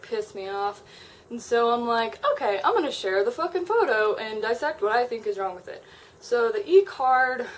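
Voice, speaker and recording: A young woman vlogging to camera at home, reading her own angry online posts aloud and talking them over in a frank, swearing, animated way. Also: medium pitch, a little hiss or hum, low-quality recording.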